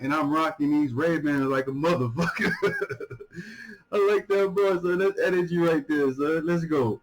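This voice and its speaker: A man hosting a music reaction video, talking casually and excitedly, stumbling over repeated words, swearing freely and laughing often. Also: a little high, normal speed, poor audio.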